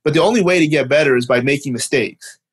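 A man's voice: on the high side, fast talker, husky. A man from Canada, a guest in an interview, talking at length with many restarts and fillers. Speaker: guest, basketball performance clinician. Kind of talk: conversational interview.

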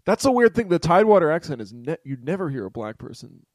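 A man's voice: fairly high pitch, sing-song, fast, dry recording. A man hosting a casual interview, asking short questions and chuckling often. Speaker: interviewer, podcast host.

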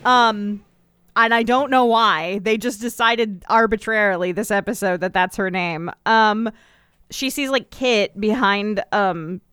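A woman co-host summarizes a TV episode in relaxed, casual chat with a wry, deadpan manner. Her voice is smooth and resonant, and the close, dry recording adds no room echo. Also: mid-range voice. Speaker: podcast co-host.

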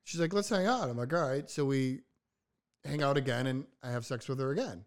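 A man's voice: medium pitch, a little fast. A man telling a story in casual podcast chat, acting out quotes with a raised voice. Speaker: podcast co-host.

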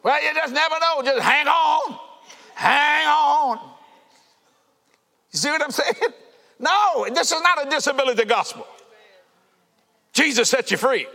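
A man preaching a fervent sermon to a congregation, shouting and laughing as he goes. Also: very high voice, animated, unhurried, pauses often. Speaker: pastor. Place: church sanctuary. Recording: reverberant church hall.

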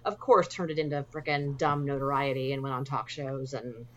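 A woman's voice: rumbling low, steady tone, brisk, slight background noise. A woman co-hosting a casual movie podcast, rambling with lots of fillers and restarts. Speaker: podcast co-host. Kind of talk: casual movie review chat.

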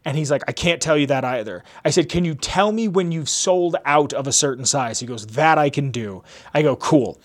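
A man's voice: a little high, normal speed, hardly any pauses. A young man hosting a podcast, telling a long casual story in a rambling way, full of "like" and acted-out dialogue. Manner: rambling, animated retelling with lots of "like" and quoted dialogue. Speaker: podcast host.

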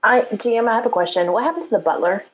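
A woman's voice: fairly high pitch, animated, very fast, dull audio. A woman on a headset playing a tabletop game, eager and full of questions. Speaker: player. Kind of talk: tabletop role-play.

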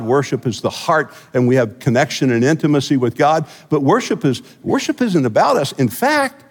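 A man's voice: on the high side, long reverb tail. A man preaching a sermon as senior pastor, conversational and joking, often restarting and repeating himself. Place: church sanctuary.

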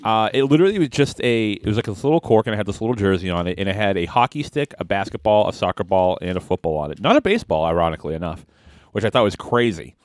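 A man on a comedy podcast tells a meandering story with a low voice that still swings widely in pitch. He stops and starts often, searching for words. The sound is close and dry. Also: animated, no echo. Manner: rambling, halting storyteller. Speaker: podcast co-host. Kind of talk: casual comedic chat.

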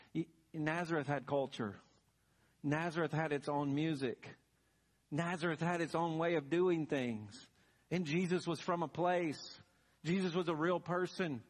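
A man preaching a sermon as pastor, telling the story dramatically and building to emphatic peaks. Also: fairly high pitch. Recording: long reverb of a large hall.

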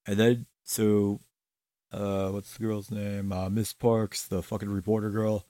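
A man with a lowish voice talks through a TV episode in a relaxed, profane way, full of enthusiasm and laughter. The sound is dry and close, with no room around it. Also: a little slow, dry recording. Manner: laid-back, profane, enthusiastic, often laughing. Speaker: podcast co-host. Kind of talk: casual chat recapping a TV episode.

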